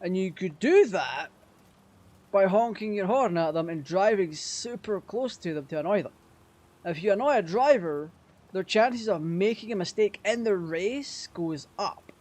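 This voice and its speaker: A man casually commenting on his racing game, sweary and quick to rage at the game. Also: high-pitched, expressive, a little mellow. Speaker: gaming channel host.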